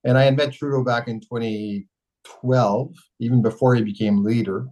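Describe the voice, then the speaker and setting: A man's voice: medium pitch, steady tone, normal speed, darkish tone, low-quality recording. A middle-aged man from Canada being interviewed as a mayor, telling long rambling stories full of restarts and self-corrections. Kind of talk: casual storytelling interview.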